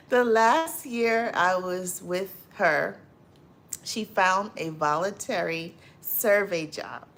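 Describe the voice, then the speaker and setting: A woman hosting a casual livestream, greeting viewers by name and reading their comments aloud, laughing loudly and often and repeating her phrases. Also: medium pitch, expressive, drawn-out words. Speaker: livestream host.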